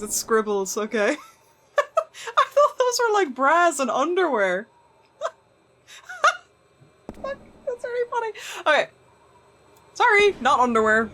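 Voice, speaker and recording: A woman's voice: high-pitched, wildly swooping pitch, slow pace, pauses often, fairly bright tone, slight background noise. A woman streaming a horror game, chatting and joking as she plays, swearing casually and talking back to the characters. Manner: talks to the game's characters. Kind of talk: live gameplay commentary.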